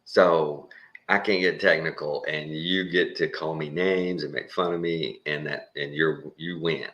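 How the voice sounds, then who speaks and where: Texan man, very deep voice with a bright, pushy edge, casual rambling host who chuckles a lot. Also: steady tone, measured pace, dull audio. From Texas. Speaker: channel host. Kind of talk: casual monologue.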